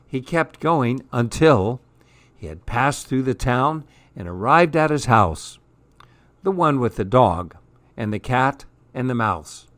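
With lively intonation and a fairly bright tone, a man reads a rhyming picture book aloud, slow and steady to preserve the verse's rhythm. His middle-pitched voice is close-miked and dry, with no echo or room sound.

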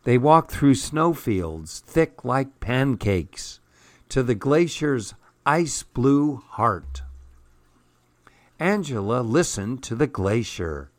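Slow, gentle male storybook reader. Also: mid-range voice, big pitch swings, no room sound. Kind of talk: children's storybook read-aloud.

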